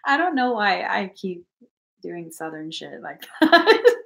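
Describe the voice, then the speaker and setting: A woman's voice: mid-range voice, big pitch swings, takes it slowly, creaky, a bit bright. A young woman chatting casually on a livestream as a spiritual energy reader, giggly and playful, swearing now and then.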